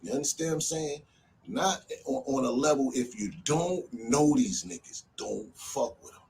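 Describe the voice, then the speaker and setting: Animated man telling a street story. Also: medium pitch, normal speed, vocal fry, distant mic, rough recording. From New Jersey. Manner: animated, loose street talk full of "you know what I'm saying". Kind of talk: casual storytelling.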